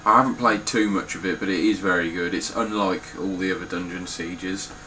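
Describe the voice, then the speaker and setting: A man's voice: low-pitched, steady tone, a little fast, bright, forceful tone, slight background noise, poor audio. A young man talking casually through his game collection, blunt and swearing freely. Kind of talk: casual spoken collection walkthrough.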